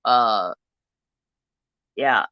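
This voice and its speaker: A man hosting a craft stream, telling a rambling story in a casual, animated way and swearing freely. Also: mid-range voice, very slow, dry recording. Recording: slightly dull, lo-fi sound.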